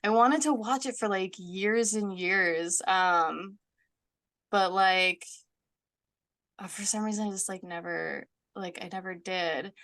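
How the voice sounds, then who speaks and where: A woman in casual conversation, talking loosely and rambling, with a steady stream of "like" fillers. Her voice sits in an ordinary middle register, and she laughs easily between thoughts. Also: mid-range voice, slow pace. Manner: chatty, many "like" fillers, laughs often. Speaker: author guest.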